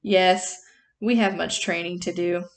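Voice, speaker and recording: Brief: steady, sympathetic older mentor, read by a woman, unhurried and clear. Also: lowish voice, pitched below the performer's own voice. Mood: calm. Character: older male magician mentor, calm and firm.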